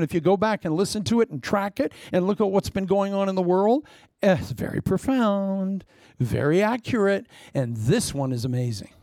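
Male pastor, blunt, teasing sermon delivery, gravelly tone, dry close sound. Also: fairly high pitch, no room sound. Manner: blunt, teasing, with sudden loud bursts and hushed asides.

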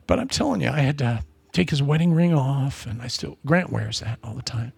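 A middle-aged man preaching with a gravelly, husky voice. He tells stories in an animated way, swinging from sudden shouts down to near-whispers. The sound is dry and close, with no room around it. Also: mid-range voice, fairly quick, no echo. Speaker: pastor. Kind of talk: sermon.

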